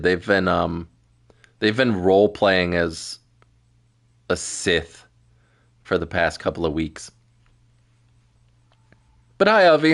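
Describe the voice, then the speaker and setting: A man's voice: on the low side, creaky. A man streaming a game, chatting casually in a self-deprecating way.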